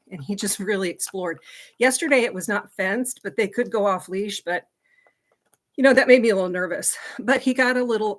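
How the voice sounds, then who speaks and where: A woman's voice: mid-range voice, a little hiss or hum. A middle-aged woman hosting a casual livestream, chatty and laughing often as she talks to viewers and her dog. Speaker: livestream host.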